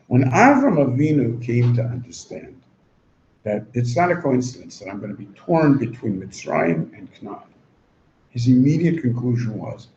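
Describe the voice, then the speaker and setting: A man giving a Torah lecture as an animated, joking storyteller who acts out quotes and drops in Hebrew and Yiddish words. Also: medium pitch. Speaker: Torah teacher. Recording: roomy, dull recording, faint hum.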